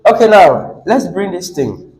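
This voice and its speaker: A man's voice: high-pitched, sing-song, unhurried, darkish tone, poor audio. A man with a Nigerian English accent teaching a classroom lesson on word stress, coaxing the class, repeating words and asking questions.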